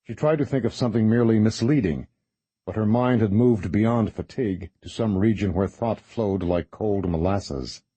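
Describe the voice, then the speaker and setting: Deep, husky male narrator. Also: moderate pace, mellow, dry recording. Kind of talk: scripted audiobook narration.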